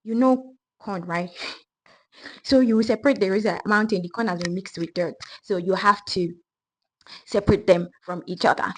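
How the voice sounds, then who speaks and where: A woman retelling a folk tale in a lively, conversational way, with asides to the listener. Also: medium pitch, moderate pace, a little hiss or hum, poor audio. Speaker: storyteller. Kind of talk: casual storytelling.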